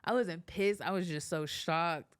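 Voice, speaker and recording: A young woman in her twenties from Kansas, a photographer guest chatting casually on a podcast, telling animated stories and laughing often. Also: on the low side, unhurried, smooth, dry recording, clean studio sound. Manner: animated storyteller, laughs often, acts out quotes. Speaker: photographer and business owner, guest.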